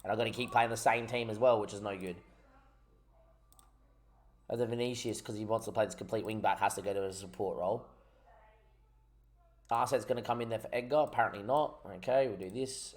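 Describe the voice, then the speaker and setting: A man's voice: fairly low pitch, fairly even intonation, fairly quick, long pauses. Young man, casual gameplay commentary, frustrated, swears a lot, rambling. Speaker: gaming YouTuber.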